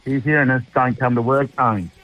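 A man's voice: medium pitch, steady tone, normal speed, dry recording, muffled recording. A man with an Australian accent calling in to a radio show, chatting in an easygoing, rambling way with dry humour. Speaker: caller. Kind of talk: casual chat on air. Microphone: phone.

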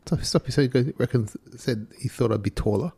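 A man's voice: mid-range voice, a little fast, mellow, slightly rough. A man co-hosting casual breakfast radio, with laid-back, joking banter. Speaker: radio co-host.

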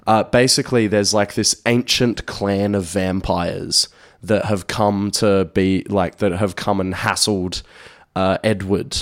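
Laid-back low-voiced male radio host. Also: steady tone, takes it slowly, no room sound, clean studio sound. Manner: chatty, laid-back, slangy. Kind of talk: casual radio chat.

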